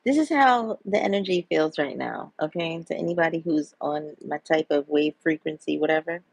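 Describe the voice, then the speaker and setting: A woman's voice: deep voice, moderate pace, creaky, husky, no room sound, rough recording. A woman chatting on a live stream in a playful, sing-song way, full of giggles and repeated catchphrases. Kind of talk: casual live stream chat.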